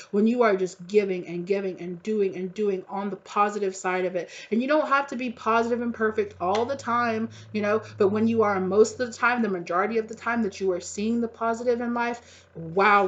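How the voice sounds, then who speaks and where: A woman's voice: mid-range voice, muffled recording. A woman giving a collective tarot reading, gushing and repetitive, with casual swearing. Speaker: tarot reader.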